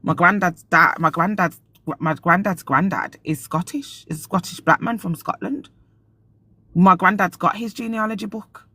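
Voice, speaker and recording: A man's voice: high-pitched, normal speed, bright, forceful tone, dry recording. A man hosting a casual live-stream podcast, animatedly retelling his arguments. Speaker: podcast host.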